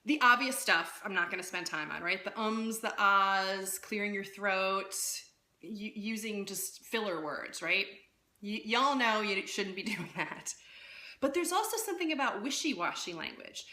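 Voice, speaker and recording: A woman coaches public speaking in a casual live-streamed talk, lively and conversational, often checking in with "right?". Her mid-range voice is unhurried, and the phone recording sounds roomy.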